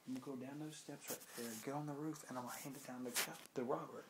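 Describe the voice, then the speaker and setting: A man's voice: medium pitch, quick pace. A drunk man rambling through a profane anecdote, acting out the lines of the people in it. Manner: profane, animated, acts out quotes. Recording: roomy with faint noise.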